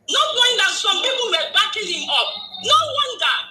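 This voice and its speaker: A woman ranting angrily as a caller on an online audio space, shouting, stammering and repeating herself. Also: very high-pitched, sing-song, moderate pace. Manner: heated, repetitive, shouting and stammering. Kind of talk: angry political rant. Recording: echoey, distant from the mic.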